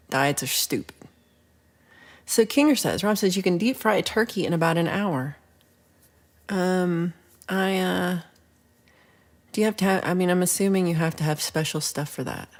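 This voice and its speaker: A woman's voice: on the low side, normal speed, pauses often. A woman hosting a casual livestream chat, rambling playfully through viewer comments with frequent whispered asides. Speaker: livestream host.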